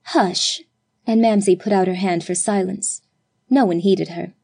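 A woman narrating a classic story aloud in a measured, expressive reading style. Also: mid-range voice, creaky. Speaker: audiobook narrator.

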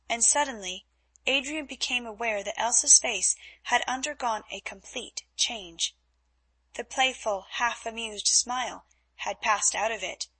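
A woman narrating a classic novel as an audiobook, in a measured storytelling manner. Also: fairly high pitch, pushed and bright, breathy edge.

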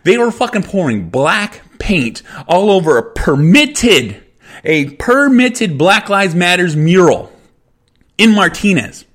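Heated male podcast host, profane and emphatic, higher-pitched voice. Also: very animated, takes it slowly, a bit bright. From California. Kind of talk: angry podcast rant.

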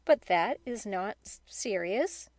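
Woman reading as a gentle, concerned aunt. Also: mid-range voice, expressive, slow, no room sound. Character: gentle, concerned middle-aged mother and aunt. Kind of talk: audiobook reading.

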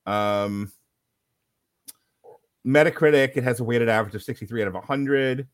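A man's voice: medium pitch, moderate pace, no echo, studio quality. A man co-hosting a podcast and recapping a movie in a casual, sardonic, profane way. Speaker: podcast co-host. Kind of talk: casual comedic movie review.

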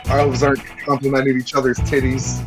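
A man's voice: medium pitch, completely flat delivery, brisk, over music. A man casually joking as a player at a tabletop game. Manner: joking, laughing easily.

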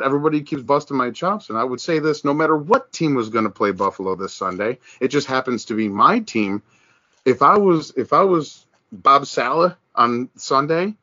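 Animated man riffing on football. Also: medium pitch, no room sound, dull audio. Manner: animated, mocking put-on voices when quoting others, many restarts. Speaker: podcast co-host. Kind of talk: casual sports chat.

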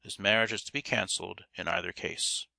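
A man voicing a stern, resolute young gentleman in a storybook reading. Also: low-pitched, fairly even intonation, a little fast, gravelly, no room sound, full character voice. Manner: stern, firm.

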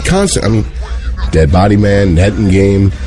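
A man from the Detroit area co-hosting a podcast, excitable and profane, tripping over his words. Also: fairly low pitch, moderate pace, faint music behind. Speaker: podcast co-host. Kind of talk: casual chat.

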